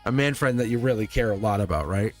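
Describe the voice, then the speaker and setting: Chatty laughing tarot livestream host. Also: male voice, on the low side, quick pace, soft background music. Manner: chatty, laughs often, repeats himself. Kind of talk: live tarot reading chat.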